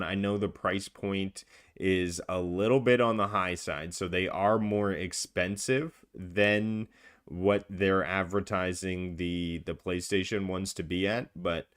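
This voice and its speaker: A man with a fairly low voice co-hosting a gaming podcast. He talks in an upbeat, loose, casual way, full of filler words and restarts. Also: fairly even intonation, slow pace, a bit bright. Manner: chatty, filler-heavy, upbeat. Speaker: podcast co-host.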